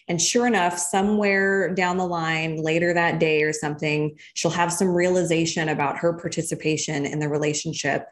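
A woman guest speaks in an interview with a fairly low voice. She is reflective and explains her ideas patiently through examples. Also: little pitch movement, normal speed, hardly any pauses. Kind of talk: casual interview conversation.

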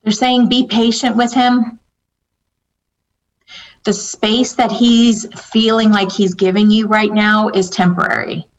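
A woman speaks slowly in a level, medium-pitched voice, answering viewer questions with a psychic reading. Her casual, halting delivery is full of fillers and restarts as she relays the spirits' messages. The recording is dull and lo-fi.

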